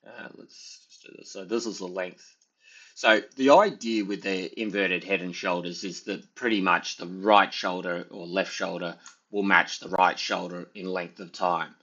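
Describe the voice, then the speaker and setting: A man's voice: low voice, fairly even intonation, a little slow, pushed and bright. A man giving casual, rambling commentary over trading charts, full of filler phrases. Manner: rambling, full of "sort of" and "you know". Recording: dull lo-fi sound.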